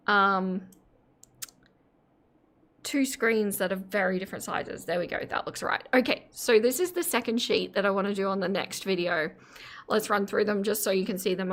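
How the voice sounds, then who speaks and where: A woman's voice: mid-range voice, fairly bright tone. A woman hosting a live stream, chatting casually with giggles and self-mocking asides.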